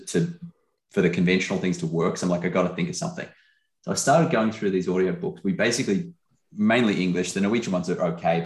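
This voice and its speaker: Podcast co-host, rambling amused storyteller, lowish voice, echoey room. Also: male voice. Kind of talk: casual podcast chat.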